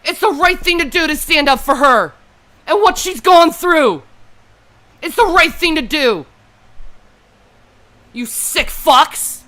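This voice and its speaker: Fiery, high-voiced woman ranting on a livestream. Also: lively intonation, unhurried, sharp tone. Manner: furious, profane and tearful, repeating herself. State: grieving and upset. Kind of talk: angry unscripted livestream rant.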